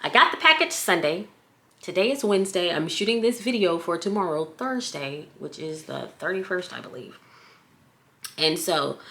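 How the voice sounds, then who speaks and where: A woman with a Southern US accent, who runs a scrunchie shop, reviews a product casually on her own vlog with a bright, forceful, mid-range voice. She's chatty and playful, with occasional little sing-song bits.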